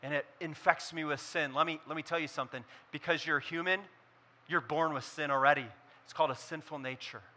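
Bright-voiced man preaching a sermon. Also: fairly high pitch, fairly even intonation, a little fast. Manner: preaching with wide swings between loud emphasis and quiet intensity. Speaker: pastor.

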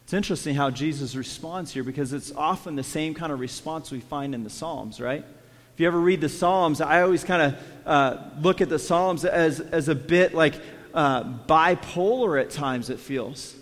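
A man's voice: fairly high pitch, normal speed. Preaching man in a reverberant hall. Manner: swings between quiet hushed lines and raised emphatic ones; acts out quoted prayers with feeling. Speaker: pastor. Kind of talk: sermon.

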